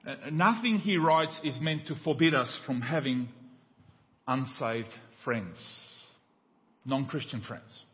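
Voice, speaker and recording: Australian pastor preaching in a reverberant church. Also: male voice, slow. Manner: preaching with a joke, voices climbing high in the tale. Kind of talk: sermon. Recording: dull church recording with long reverb.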